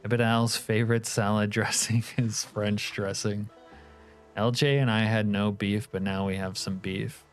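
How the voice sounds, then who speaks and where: Profane, joking streamer man, low voice. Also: level tone, a little slow, clear, resonant tone, faint music behind. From California. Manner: joking, profane banter with chat. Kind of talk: casual live-stream chat.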